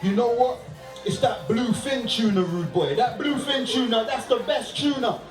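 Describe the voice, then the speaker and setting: A man's voice: extremely high pitch, moderate pace. A man doing a voice as a young male London street guy, bragging in slang, recorded live in a club. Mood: boastful. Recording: roomy live club sound from a distance. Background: crowd and music.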